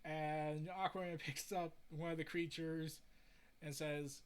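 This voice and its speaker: A man's voice: fairly high pitch, level tone, takes it slowly, smooth. A man casually recapping and reading a comic book aloud. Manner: casual, summarizing. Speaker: comic reviewer.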